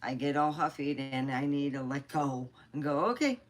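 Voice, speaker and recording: A woman's voice: rumbling low, little pitch movement, moderate pace, soft background music. A middle-aged woman chatting casually on a livestream, rambling and candid, swearing freely. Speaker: livestream host.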